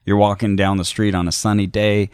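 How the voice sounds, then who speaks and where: A man with a very low voice co-hosts a podcast, talking in a dry, joking way. The sound is close and dry, with no room echo around him. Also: little pitch movement, a little fast, a little mellow, smooth. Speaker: podcast co-host. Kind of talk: casual chat.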